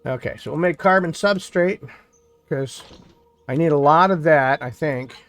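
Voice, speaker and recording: A man's voice: on the high side, measured pace, a bit bright. A man from New York State chatting casually on a live game stream, rambling and thinking aloud as he plays. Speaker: gaming streamer. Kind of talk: casual live-stream chat while playing.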